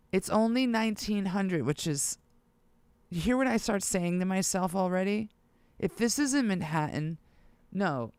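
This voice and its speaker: A music producer vlogger talking casually to viewers, excitable and thinking aloud while browsing gear listings. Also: medium pitch, unhurried, long pauses, clear, resonant tone, no echo. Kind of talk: casual vlog talk to camera.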